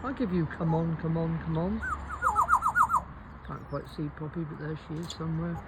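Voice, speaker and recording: A woman's voice: low-pitched, steady tone, normal speed, highs cut off. A woman chatting casually to her pet parrots in a garden, in a coaxing, sing-song pet-talk manner. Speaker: parrot owner and vlogger. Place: outdoors in a garden. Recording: loud birdsong and traffic outdoors.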